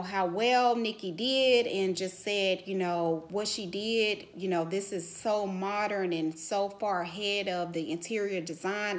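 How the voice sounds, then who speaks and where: A middle-aged woman talks straight to her camera in a relaxed, chatty way. She leans on "you know" and "um" as she goes, and her voice swells with feeling as she recounts a big moment. Her pitch sits in a plain middle range. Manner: animated, emotional, lots of "you know" fillers. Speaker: vlogger. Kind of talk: casual storytelling to camera.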